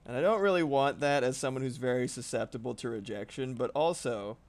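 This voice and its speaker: A man's voice: mid-range voice, brisk. Rambling, laid-back male streamer. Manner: rambling, swears casually, laughs often. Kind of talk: casual livestream chat while drawing.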